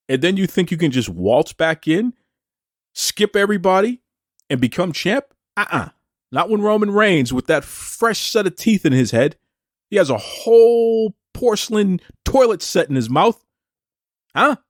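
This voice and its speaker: A man with a high voice hosts a wrestling commentary show, delivering an opinionated rant that's taunting and combative, firing off rhetorical questions. The recording is clean studio sound with no room echo.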